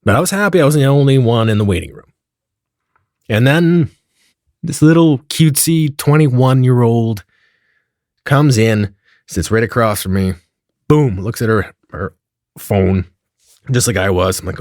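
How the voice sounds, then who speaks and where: A man telling a comedic story in a profane, animated way, acting out the dialogue as he goes. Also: medium pitch, unhurried, long pauses, no echo, studio quality.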